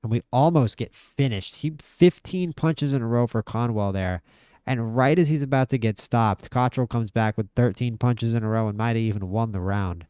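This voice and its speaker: A man giving casual, excitable commentary while playing a boxing management game, talking to himself about each fight. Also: medium pitch, normal speed, smooth, no room sound, clean studio sound. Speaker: gaming video host.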